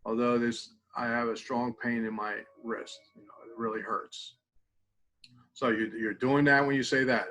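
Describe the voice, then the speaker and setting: A middle-aged man teaching a mindfulness tapping exercise in a classroom, talking conversationally and repeating phrases softly as he demonstrates. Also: medium pitch, poor audio. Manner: conversational, repeats phrases while demonstrating, drops to quiet murmurs. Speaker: mindfulness instructor.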